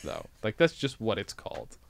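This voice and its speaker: A man's voice: on the low side, huge pitch swings, normal speed, gravelly, slight background noise. A man co-hosting a podcast in casual chat, playful and laughing often. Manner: playful, laughs often, slips into silly impression voices. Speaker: podcast co-host.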